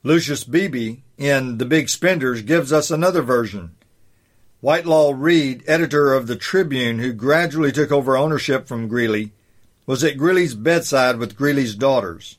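A man reads his own essay aloud at a measured, unhurried pace. He leans on key phrases and slows down to drive a point home. His pitch sits in a plain middle register. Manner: measured, deliberate reading with pointed emphasis. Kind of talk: read-aloud essay commentary.

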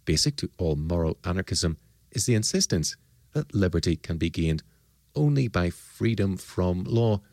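A man giving a formal, measured lecture, pressing his points with rhetorical questions and emphatic rises. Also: low-pitched, animated, darkish tone, no room sound. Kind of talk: formal lecture on liberty and law.

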